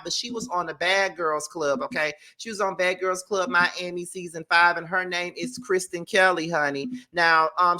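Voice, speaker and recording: A man's voice: sits high, sharp tone. A man hosting a casual commentary show, ranting bluntly and emphatically with plenty of profanity. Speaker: commentary channel host.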